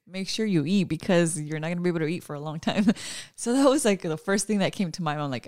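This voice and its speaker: Giggly woman with a lowish voice. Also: fast, a little mellow, dry recording, clean studio sound. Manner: laughs often, chimes in with short replies. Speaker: podcast co-host. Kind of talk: casual storytelling chat.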